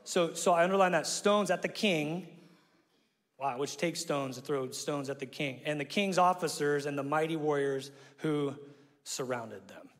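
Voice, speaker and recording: A man from Omaha preaches from a church stage. His voice sits a bit higher than most men's, and the big room gives it a long, lingering reverb. He tells stories with playful self-mocking asides and shouts out the lines he quotes. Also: moderate pace. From Omaha, Nebraska, USA. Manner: animated storytelling, acts out quotes with sudden shouts. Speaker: pastor. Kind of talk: sermon. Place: church sanctuary. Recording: long reverb of a large hall.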